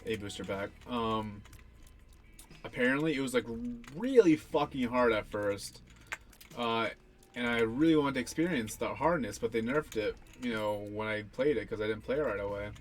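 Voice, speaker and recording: A man's voice: mid-range voice, moderate pace. Rambling young man commenting on his gameplay. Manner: rambling, self-deprecating, swears casually. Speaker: gaming channel host.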